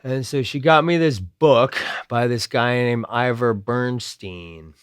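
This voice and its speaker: A man's voice: mid-range voice, smooth, dry recording, clean studio sound. A man in his late thirties from New Jersey, a songwriter and band frontman, talking casually in an interview about making an album. He rambles with lots of fillers and makes sardonic asides.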